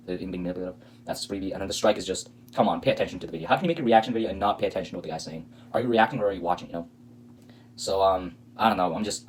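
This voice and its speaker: Reaction host, man, rapid-fire sarcastic rants, husky voice. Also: on the low side, poor audio. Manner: sarcastic, indignant, rambling with fillers. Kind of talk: casual reaction commentary.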